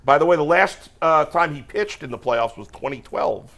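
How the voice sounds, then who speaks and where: A man hosting a casual sports talk show, explaining baseball roster moves in a steady, informative way. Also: a little high, moderate pace, creaky. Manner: steady, informative, stat-heavy.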